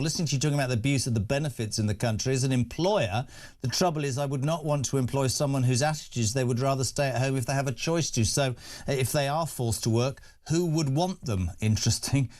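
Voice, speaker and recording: A man hosting a live talk radio phone-in, his voice at an ordinary middle pitch. He sounds chatty and offhand, reading out listener messages with plenty of "uh" fillers. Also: a little fast, a little mellow. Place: radio studio.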